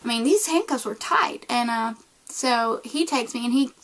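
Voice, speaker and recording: A woman's voice: fairly high pitch, normal speed. A young woman from the United States with a Southern accent, casually telling a story to the camera and acting out the people in it. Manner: animated, acts out voices in her retelling. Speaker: vlogger.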